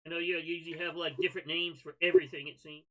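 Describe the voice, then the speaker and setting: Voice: medium pitch, flat delivery, fast talker, fairly bright tone. A speaker chatting and teasing in a laid-back drawl while building a model. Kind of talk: casual chat while building.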